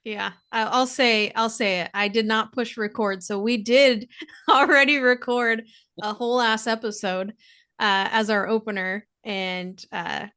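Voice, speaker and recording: A woman co-hosting a podcast in casual chat, chatty and quick to giggle. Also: a little high, steady tone, sharp tone, clean tone. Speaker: podcast co-host.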